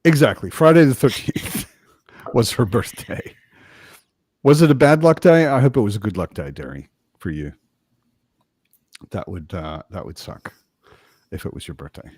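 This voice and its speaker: Lively, joking male chat host. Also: lowish voice, normal speed, long pauses, slightly rough, dry recording, clean studio sound. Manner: chatty, swears casually, jokey. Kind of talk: casual chat.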